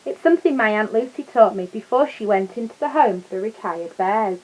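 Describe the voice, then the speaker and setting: A woman's voice: mid-range voice, expressive, normal speed, a little mellow, natural voice, low-quality recording. Paddington, a woman doing a polite young bear. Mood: earnest.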